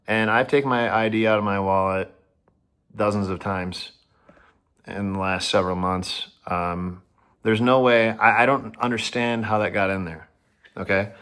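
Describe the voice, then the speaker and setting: A man telling a personal story to the camera, rambling, restarting often and sounding excited. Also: on the low side.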